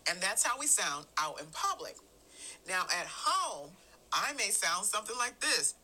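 A middle-aged woman giving an earnest sermon, stressing her phrases and stretching some words out slowly. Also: medium pitch, big pitch swings, pushed and bright, poor audio. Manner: earnest, emphatic, drawn-out phrases. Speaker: church speaker.

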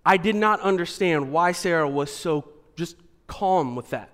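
A man with a high voice tells a comic story from his own life to a live audience. He talks in an animated way, drops to near a hush, then builds back up loud. His voice rings with the long reverb of a large hall. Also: a little slow. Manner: animated, swinging from hushed to loud and laughing.

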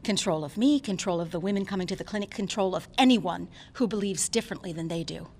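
An actress performing a dramatic stage reading as a frightened, defiant woman doctor under attack, moving from hushed dread to bursts of screaming. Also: fairly low pitch, fast. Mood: tense. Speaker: actor performing a diary monologue.

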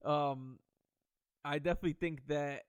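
A young man hosting a podcast in casual chat, excitable and profane, laughing often and restarting his sentences. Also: a little high, normal speed, smooth, no room sound. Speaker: podcast host.

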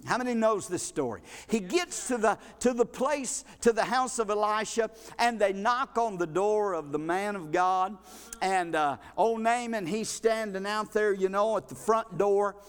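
A male pastor, preaching a folksy, animated sermon in a church, with frequent restarts. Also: high-pitched, measured pace, smooth. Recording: long reverb of a hall.

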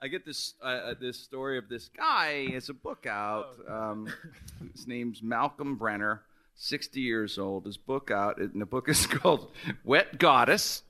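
A man's voice: mid-range voice, unhurried, pushed and bright. A man co-hosting a comedy podcast, laughing and teasing his co-host. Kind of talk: casual comedic podcast chat.

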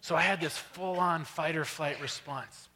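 Guy with a bright fairly high voice telling stories at a church workshop, big echoey hall. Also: normal speed. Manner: animated, keeps asking "right?". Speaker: workshop presenter. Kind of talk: storytelling teaching talk. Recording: long hall reverb.

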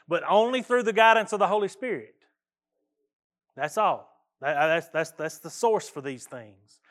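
A man's voice: sits high, fairly bright tone. A middle-aged man, preaching a sermon as pastor in a folksy, earnest way, often restarting his phrases.

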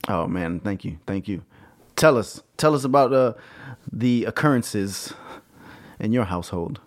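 A man's voice: lowish voice, lively intonation. A man co-hosting a podcast, chatty and joking in a casual conversation. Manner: chatty, teasing, quick jokes. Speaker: podcast co-host. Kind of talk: casual chat.

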